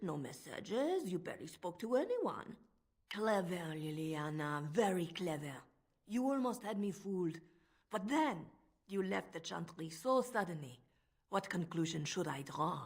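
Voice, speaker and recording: A woman's voice: lowish voice, very animated, unhurried, slightly rough, full character voice. An actress with a French accent voicing a cold, manipulative woman spymistress in a video game, speaking in a silky, menacing way. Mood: scheming.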